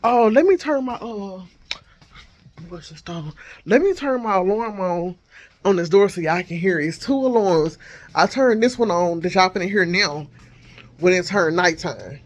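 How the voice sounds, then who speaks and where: A man vlogging casually from his home kitchen on a handheld phone, thinking out loud as he cooks. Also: high voice, lively intonation, normal speed. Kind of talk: casual chat while cooking.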